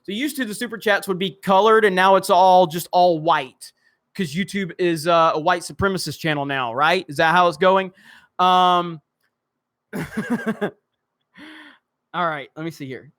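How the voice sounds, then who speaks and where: A young man with a Southern US drawl hosts a casual live stream and reads viewer comments aloud. His voice sits high and sounds bright and forceful. He hurries through the text, trips over words and laughs at his own slips. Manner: joking, self-mocking, rushes through reading with restarts.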